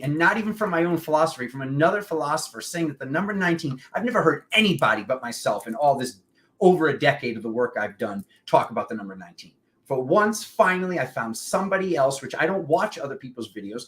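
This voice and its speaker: A man's voice: a little high, brisk. A young adult man talking casually and rambling about spiritual topics, often acting out what friends said to him. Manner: rambling, animated, quoting friends in voices. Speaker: spiritual channel host.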